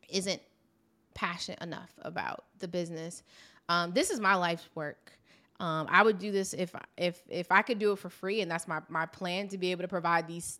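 A woman's voice: fairly low pitch, fairly bright tone. A woman who runs her own business, a guest in a podcast interview, talking earnestly and often repeating words and laughing. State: tearful, emotional. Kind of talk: casual interview conversation.

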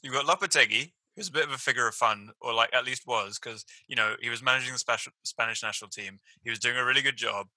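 A man of middle pitch with a very bright voice, recorded dry and close. He steers the football talk with wry questions. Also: quick pace, hardly any pauses, dry recording, poor audio. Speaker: podcast co-host. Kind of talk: casual football chat.

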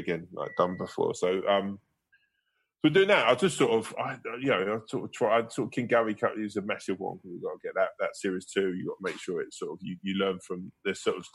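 A guest comedian with a low, slightly breathy voice rambles through anecdotes in a casual interview, laughing and swearing along the way.

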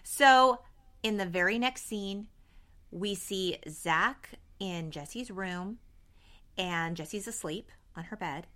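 A woman's voice: mid-range voice, takes it slowly. A woman in her thirties co-hosting a podcast, chatting casually and acting out scenes in voices. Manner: animated, acts out scenes in voices. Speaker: podcast co-host. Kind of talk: casual chat recapping a TV episode.

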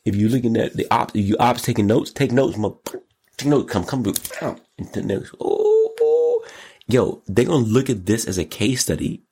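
A male host delivering an energetic solo commentary show, hyped and exclamatory, often jumping up to high squeals. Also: a little fast, husky. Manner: hyped, exclamatory, gasping and laughing, jumps to squeals.

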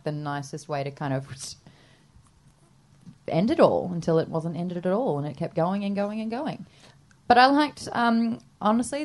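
A woman, a podcast guest, chatting casually and excitably, laughing often and breaking into loud cries. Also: low voice. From Australia. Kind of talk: casual chat.

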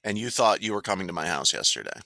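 A man co-hosts a casual podcast, keeping things moving between segments. His voice is bright and swings widely in pitch. It sounds dry and close, with no room echo. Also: fast talker, gravelly. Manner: lively, laughs often, moves segments along. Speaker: podcast co-host. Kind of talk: casual chat.

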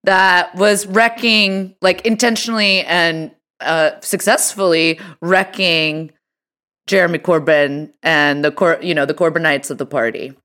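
A woman's voice: on the low side, fairly even intonation, measured pace, fairly bright tone, clean tone. A woman co-hosting a podcast, chatting casually with lots of fillers and easy laughs. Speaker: podcast co-host.

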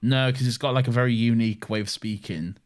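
A man's voice: medium pitch, fairly even intonation, fast. Casting: male podcast co-host, casual and playful, wanders off mid-thought, mid-range voice. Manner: rambling, playful, loses his train of thought. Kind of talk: casual chat.

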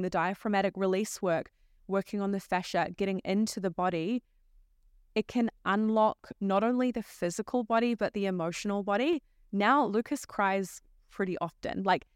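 Smooth-voiced woman breathwork teacher, reflective podcast guest, dry close sound. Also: medium pitch, no echo. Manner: reflective, speaks in flowing stories. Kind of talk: casual conversation.

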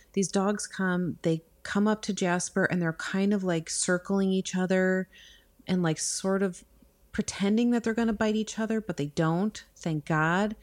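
A woman's voice: mid-range voice, darkish tone. A woman in her thirties co-hosting a podcast from home, telling a story in a rambling casual way with lots of "like". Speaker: podcast co-host.

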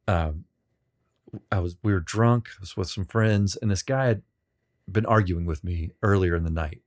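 A man being interviewed on a podcast, telling rambling, self-deprecating stories with many halting restarts. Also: low voice. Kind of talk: casual storytelling.

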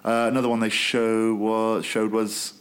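A man's voice: fairly low pitch, level tone, measured pace, smooth. A man, a former rugby player, telling jokey stories in a casual podcast chat. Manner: storytelling, joking, laughs at own jokes.

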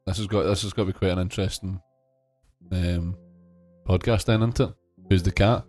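A man with a lowish voice leads playful podcast banter and teases his co-hosts. Faint music sits under the talk. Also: fairly even intonation, normal speed, darkish tone. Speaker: podcast co-host. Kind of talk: casual chat.

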